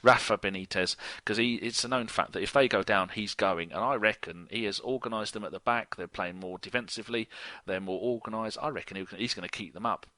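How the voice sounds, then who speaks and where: A man's voice: lowish voice, fairly quick, bright, forceful tone, dry recording. An English man co-hosting a football podcast, chatting in a jokey way and often unsure of players' names. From England. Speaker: podcast co-host. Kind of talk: casual football chat.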